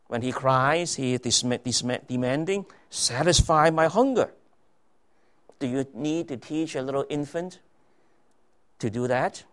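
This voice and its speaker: A man preaching a sermon, repeating phrases and asking the congregation rhetorical questions. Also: on the high side. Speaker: pastor.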